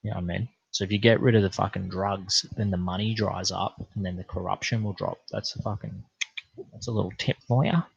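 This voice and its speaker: A man's voice: on the low side, fairly even intonation, brisk, gravelly, slightly rough, no echo. A young Australian man in a casual late-night livestream, rambling, laid-back and full of swearing. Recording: dull lo-fi stream audio.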